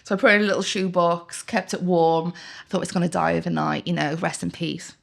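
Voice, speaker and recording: A woman's voice: lowish voice, steady tone, brisk, vocal fry, fairly bright tone. A woman with a Welsh accent, co-hosting a podcast in casual chat, telling stories and laughing often. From Wales. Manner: chatty storyteller, laughs often. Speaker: podcast co-host.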